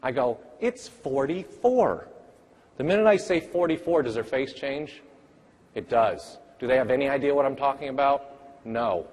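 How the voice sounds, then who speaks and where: Man quizzing a crowd in a reverberant hall. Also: medium pitch. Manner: energetic, rapid-fire quizzing of the audience. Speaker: math education presenter. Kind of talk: interactive conference workshop talk. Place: large conference hall.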